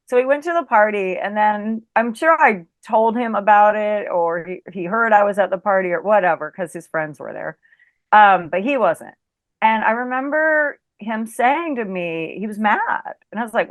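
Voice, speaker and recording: A middle-aged woman speaks as an interview guest, telling a story in casual chat with an expressive, mid-range voice at moderate pace and no echo. She's chatty, fills her speech with "like" and "you know," and acts out the lines she quotes.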